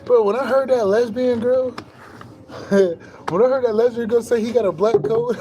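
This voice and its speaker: A young man talking casually to camera in a boastful, animated monologue full of slang and swearing, laughing now and then. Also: extremely high pitch, a little slow. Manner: laughs between lines. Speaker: spiritual vlogger.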